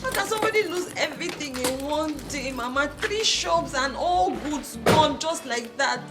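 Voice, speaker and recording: A distraught young Nigerian daughter whose very high voice pleads and wails. Film music plays clearly beneath her lines. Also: expressive, moderate pace. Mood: despairing. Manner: wailing, emphatic. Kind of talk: Nollywood film acting.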